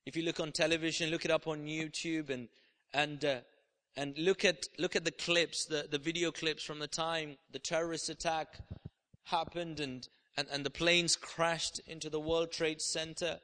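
High-voiced passionate preacher in a hall. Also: male voice, level tone, normal speed. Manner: impassioned preaching, swings from soft prayer to loud declarations. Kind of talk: sermon. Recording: long hall reverb.

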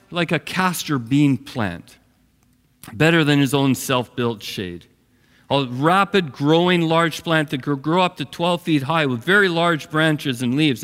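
A man's voice: a little high, fairly bright tone. A man preaching a sermon as pastor, telling the story expressively and acting out its characters. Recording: long hall reverb.

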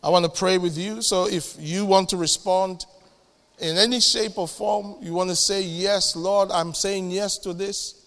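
A man with a high, bright voice delivers a lively church sermon, swinging from joking asides to sudden loud punches. He is speaking into a stage mic in a church hall, and the sound carries a long reverb tail. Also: unhurried. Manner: animated, jokey preaching with sudden loud bursts and acted-out dialogues. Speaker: pastor.

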